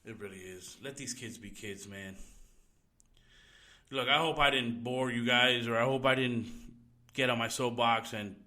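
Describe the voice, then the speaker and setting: A man's voice: mid-range voice, steady tone, a little slow, pauses often, pushed and bright. A man hosting a solo podcast from home, ranting in a heated, profane way. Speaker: podcast host. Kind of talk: solo opinion podcast rant.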